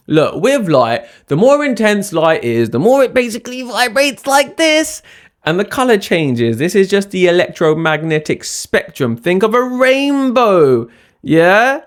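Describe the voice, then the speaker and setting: A man talking straight to camera in a chatty, emphatic vlog, often checking in with a quick "yeah?". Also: high voice, sing-song. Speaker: spiritual science vlogger. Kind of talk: casual talking-head vlog.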